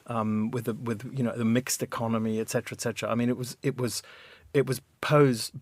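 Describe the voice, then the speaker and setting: A middle-aged man from Zimbabwe talks through his memories on a studio radio interview at an ordinary, mid-range pitch. He pauses, restarts and tucks in "you know" as he goes, sounding thoughtful rather than polished. The recording is close and dry. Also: level tone, darkish tone, no room sound. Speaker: memoirist guest. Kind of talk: reflective conversational interview.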